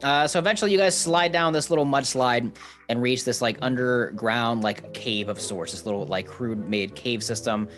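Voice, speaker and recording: A man's voice: medium pitch, moderate pace, a bit bright, soft background music. A man narrating a tabletop game as game master in a casual, rambling way.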